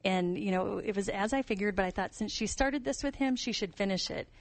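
A woman sharing a family story and reflecting earnestly on love in a relaxed talk-show chat. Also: mid-range voice, brisk, gravelly, dry recording. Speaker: guest author. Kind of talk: casual chat.

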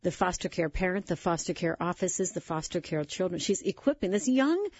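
A woman with a lowish, husky voice hosts a faith talk show and tells stories in an earnest way. The sound is dry and a little dull. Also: lively intonation, fairly quick, darkish tone, no echo. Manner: earnest storytelling. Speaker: host.

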